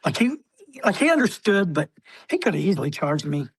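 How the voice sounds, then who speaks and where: A man, a military veteran, telling stories as a podcast guest with many fillers, often clearing his throat. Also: fairly high pitch, very animated, fairly quick, dry recording. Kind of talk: casual storytelling interview.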